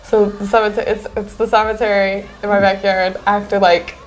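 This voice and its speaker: A woman's voice: medium pitch, level tone, moderate pace, a little hiss or hum. A young woman musician, chatting casually in a studio interview with lots of "like" fillers and a playful manner. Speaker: musician, band singer. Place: studio with a green screen.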